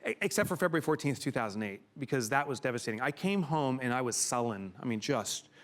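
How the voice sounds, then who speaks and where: A middle-aged man giving a keynote to a live audience in a room, telling a personal story with emotion and sudden loud exclamations. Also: medium pitch, animated, quick pace. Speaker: keynote speaker.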